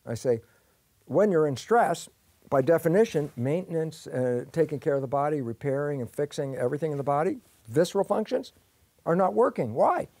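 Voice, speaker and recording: With a voice on the high side, this man speaks at a moderate pace as a guest scientist in an interview, explaining at length and performing both sides of imagined exchanges with liveliness. The recording is dry.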